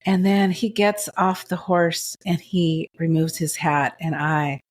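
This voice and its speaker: This podcast co-host has a fairly low voice and speaks slowly. She casually chats through a TV drama recap, effusive and emotional in her enthusiasm.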